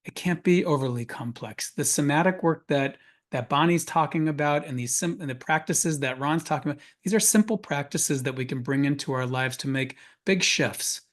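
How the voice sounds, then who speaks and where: On a webinar panel, a man with a fairly high pitch recounts a personal experience in earnest, often starting over mid-thought. He talks at normal speed and is an adult parent of a school-age child.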